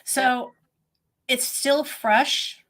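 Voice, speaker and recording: A woman's voice: high voice, fairly even intonation, extremely slow, a bit bright. Hesitant woman interview host. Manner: hesitant, many fillers. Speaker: podcast host. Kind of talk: interview questions.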